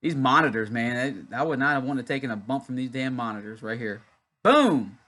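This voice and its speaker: His mid-range voice sounds pushed and bright, and he talks briskly. He's a young Louisiana man hosting a casual YouTube wrestling watch-along, chatty and rambling as he tells a story between match comments.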